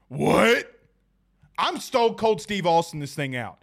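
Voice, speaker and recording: A man's voice: high-pitched, takes it slowly, vocal fry. A man hosting a sports podcast, talking casually and with animation, joking and addressing his listeners directly. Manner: animated, jokey, talks straight to listeners.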